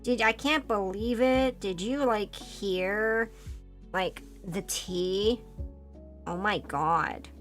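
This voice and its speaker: Valley Girl parody: airheaded young woman, drawn-out vowels, vocal fry, put on by a woman. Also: high-pitched, wildly swooping pitch, bright, forceful tone, faint music behind, voice pushed up, exaggerated voice. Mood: exaggerated ditzy.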